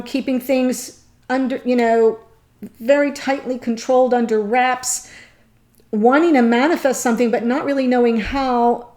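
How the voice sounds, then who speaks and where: A woman giving a tarot reading to her viewers, earnest and thinking aloud, often pausing between short phrases. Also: on the high side, warm tone. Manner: addresses viewers directly. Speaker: tarot reader.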